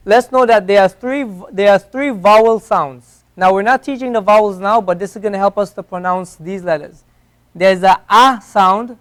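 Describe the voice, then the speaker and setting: A man's voice: sits high, clean tone. A man teaching an Arabic class in a classroom, patiently repeating each sound several times. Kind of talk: classroom lesson. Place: mosque classroom.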